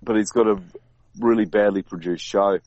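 A man as a guest in a casual conversation, talking in a rambling, halting way with many restarts. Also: fairly low pitch, steady tone, a little mellow, lo-fi sound. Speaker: podcast guest.

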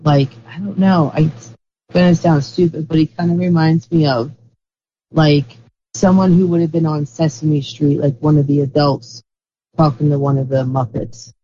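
A woman's voice: sits low, steady tone, normal speed, mellow, husky. A woman chatting casually on a group call, rambling and searching for words as she talks. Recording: dull lo-fi call audio with faint noise.

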